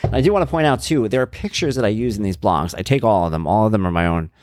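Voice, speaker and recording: A man's voice: lowish voice, quick pace, darkish tone, a little hiss or hum. A man in his thirties hosting his own show, speaking in a candid, reflective personal monologue full of fillers and restarts. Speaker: blogger and podcast host.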